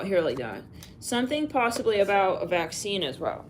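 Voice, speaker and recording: A woman's voice: medium pitch, very animated, brisk, slight background noise. A woman doing a live psychic reading, musing aloud, spelling out letters and names, with sighs and fillers. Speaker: psychic reader.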